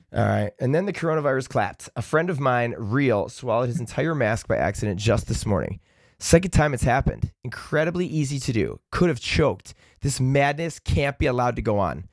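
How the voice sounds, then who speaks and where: Gravelly, sarcastic man. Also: medium pitch, no echo, clean studio sound. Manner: sardonic, profane, deadpan asides. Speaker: YouTube host reading Reddit posts. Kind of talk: sarcastic comedic commentary.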